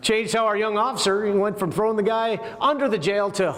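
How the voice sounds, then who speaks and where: High-voiced man lecturing in a reverberant hall. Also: a little fast, few pauses, a bit bright. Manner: conversational, asks the audience questions. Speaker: former Air Force group commander leading a leadership course. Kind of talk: leadership lecture with stories. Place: room with a seated audience.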